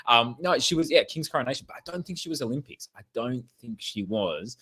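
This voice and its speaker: A man's voice: mid-range voice, lively intonation, fast, pushed and bright, slightly rough. A man with an Australian accent co-hosting a podcast in casual chat, joking and rambling and often laughing. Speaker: podcast co-host.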